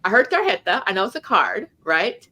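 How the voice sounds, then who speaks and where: A woman co-hosts a casual conversation, talking in a mid-range voice. She tells stories in an animated, conversational way, tossing in "like" and "right?" as she goes. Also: medium pitch, brisk. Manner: animated storytelling with lots of "like" and "right?". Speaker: co-host. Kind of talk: casual chat. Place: home in Mexico City.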